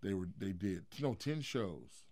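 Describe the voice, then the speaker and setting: A middle-aged man, a guest in an interview, telling a story in a lively, profane way. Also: low-pitched, measured pace, no room sound. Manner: animated, profane storyteller who swings into loud acted quotes.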